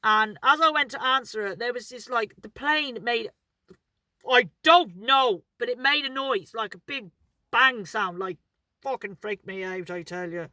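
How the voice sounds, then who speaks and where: Brief: woman storyteller, rambling and cheeky, bright tone, dry close mic. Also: fairly high pitch, unhurried, no echo. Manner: rambling, chatty, swears freely, laughs at herself. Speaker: vlogger telling stories. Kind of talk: casual anecdotal storytelling.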